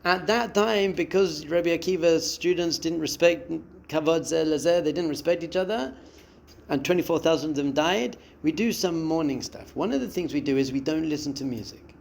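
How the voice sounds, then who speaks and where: A creaky, slightly high voice at a moderate pace belongs to a rabbi teaching a class, with a little hiss or hum in the recording. He expressively acts out the voices in a listener's head and quotes them in a spiritual lesson.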